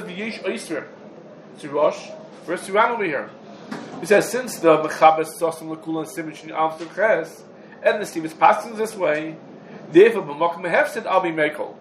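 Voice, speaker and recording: A man's voice: high-pitched, a bit bright. A man giving a halacha class in English, packed with Hebrew and Yiddish terms, in an echoey room. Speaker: Talmud teacher. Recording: echoey room, background noise.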